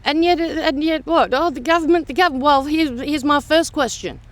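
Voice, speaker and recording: A woman's voice: sits high, normal speed, dry recording. An Australian woman venting in a blunt, sarcastic rant for her vlog, swearing heavily and mocking the views she disagrees with. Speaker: vlogger. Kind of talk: ranting monologue vlog.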